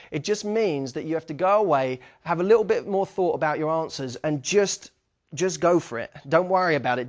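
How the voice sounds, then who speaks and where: Young guy, slightly high voice, upbeat dating coach talk, acts out little chats. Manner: energetic, acts out sample dialogue, frequent "okay?" check-ins. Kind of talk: instructional talk to camera.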